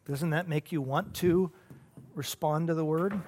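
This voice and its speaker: Man, pastor, Bible study teaching, earnest, halting, fairly high voice. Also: steady tone, darkish tone. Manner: earnest, halting, full of restarts and repeats.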